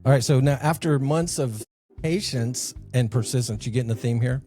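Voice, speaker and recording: A man co-hosting a podcast, telling jokes in a casual, animated way and laughing at his own punchlines. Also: medium pitch, normal speed, faint music behind. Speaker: podcast co-host.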